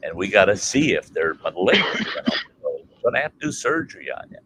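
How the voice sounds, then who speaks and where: A man from Minnesota hosting a casual chat stream, telling a family story in a colorful, animated way and swearing freely. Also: fairly low pitch, a little fast, creaky, a little hiss or hum, poor audio. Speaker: livestream host.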